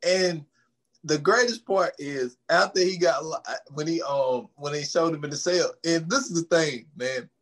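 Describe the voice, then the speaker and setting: Male podcast co-host, high-pitched, acts out scenes while recapping films. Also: moderate pace. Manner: animated storytelling, acts out scenes, laughs often. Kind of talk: casual movie recap chat.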